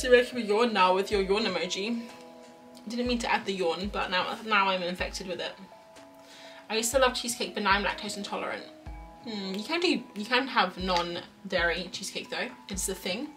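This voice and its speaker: A young woman casually streams her drawing, wandering between topics and reading viewer messages out loud. Her voice is mid-range and a bit bright, picked up by a distant mic with faint music present.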